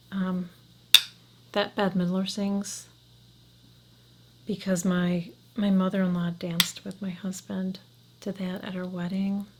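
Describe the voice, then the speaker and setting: A woman's voice: mid-range voice, a little hiss or hum. Frank, chatty middle-aged woman vlogger. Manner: chatty, frank, often drops to a near whisper. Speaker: beauty vlogger. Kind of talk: casual chat to camera.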